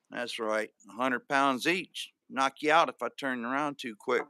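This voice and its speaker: A man's voice: medium pitch, normal speed, hardly any pauses, sharp tone, no echo. Joking man hosting a live stream. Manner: joking, reads out viewer comments. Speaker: livestream host. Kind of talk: casual live-stream chat.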